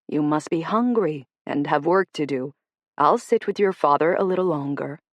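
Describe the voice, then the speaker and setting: A woman voicing a calm, kindly live-in nurse who speaks gently. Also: low-pitched, moderate pace, dry recording. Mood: gentle.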